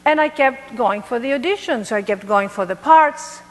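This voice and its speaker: A woman's voice: fairly high pitch, moderate pace, long reverb tail. Greek-accented woman telling her story. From Greece. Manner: animated, playful, laughs at herself. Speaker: motivational speaker. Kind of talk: storytelling talk to an audience.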